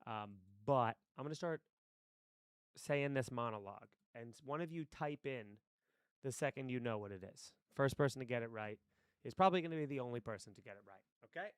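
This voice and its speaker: Brief: male streamer, rambling and profane, smooth clear voice, mid pitch. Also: expressive, a little fast, no room sound, clean studio sound. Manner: rambling, stream-of-consciousness talk, swearing freely. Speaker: streamer and actor. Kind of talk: casual live-stream chat. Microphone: desk mic with headphones.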